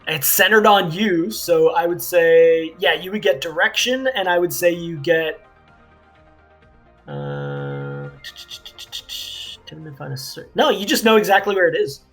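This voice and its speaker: Higher-voiced man running a tabletop game. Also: huge pitch swings, a little slow, long pauses, fairly bright tone, faint music behind. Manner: loose, conversational, frequent fillers like "like" and "yeah". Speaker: game master.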